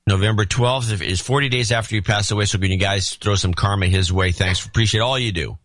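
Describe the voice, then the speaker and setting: A man's voice: fairly low pitch, brisk, a bit bright, no room sound. A male podcast co-host with a dry, wry delivery, reading out donor notes and chatting about politics.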